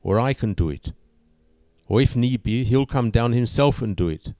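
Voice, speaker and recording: A man's voice: mid-range voice, lively intonation, normal speed, warm tone, dry recording, close to an everyday voice. A man voicing a drowsy, exasperated younger sister who delivers the punchline of a spoken joke. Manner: drowsy, dry and fed-up.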